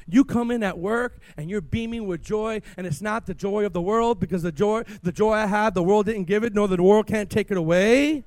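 High-voiced preacher man, dry sound. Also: normal speed, hardly any pauses, no echo. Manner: energetic, call-and-response preaching. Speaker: pastor. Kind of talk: sermon. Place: church.

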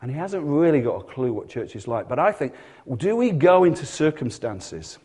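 A man's voice: fairly high pitch, very animated, moderate pace, dark tone, breathy edge. A male pastor preaching a sermon in a church, telling stories and acting out voices in dialogue.

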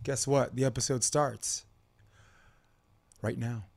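A young man co-hosting a casual sports debate podcast, energetic and hyped, talking fast over the games. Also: mid-range voice, gravelly. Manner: energetic, hyped, chanting and laughing. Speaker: podcast co-host.

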